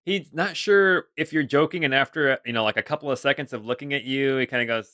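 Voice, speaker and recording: A man's voice: mid-range voice, a little fast, hardly any pauses, sharp tone, no room sound. Rambling male game master, dry sound. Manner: rambling, many fillers. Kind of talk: narrating a tabletop game.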